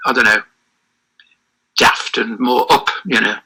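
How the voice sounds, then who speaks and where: A man's voice: medium pitch, fairly even intonation, a little slow, bright, forceful tone, breathy edge, rough recording. An older man, giving an interview as a guest and telling long anecdotes with many restarts and self-corrections. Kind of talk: reminiscing interview over a call.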